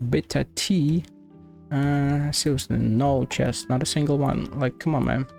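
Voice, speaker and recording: Gravelly man muttering over a game. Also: medium pitch, steady tone, measured pace, darkish tone, soft background music. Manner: offhand, swears and mutters at the game. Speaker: streamer. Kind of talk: casual game-stream chat.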